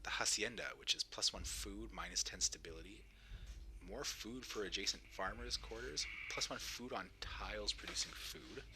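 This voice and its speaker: A man's voice: lowish voice, moderate pace, background noise. A tired male streamer casually thinking aloud about game choices, sometimes mumbling. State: tired, yawning. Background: game music.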